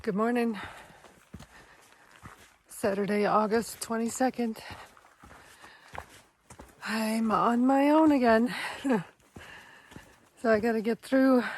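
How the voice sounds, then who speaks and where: A woman's voice: fairly high pitch, fairly even intonation, slow, pauses often, a little mellow. Woman hiker vlogging on a mountain trail, chatty, sighs between thoughts, camera in hand outdoors. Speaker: long-distance hiker vlogger. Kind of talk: casual vlog talk to camera.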